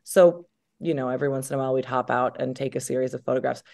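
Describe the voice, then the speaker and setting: Low-voiced woman telling a lively story. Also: fast, creaky. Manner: animated storyteller, laughs through her words. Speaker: actress and guest. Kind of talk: casual interview chat.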